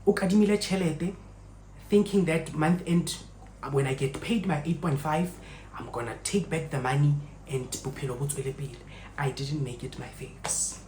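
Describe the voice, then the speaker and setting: A South African woman vlogger telling a story while she cooks in her home kitchen. She is an expressive storyteller who mixes in local phrases and talks directly to her viewers. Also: deep voice, normal speed, echoey room, a little hiss or hum, rough recording.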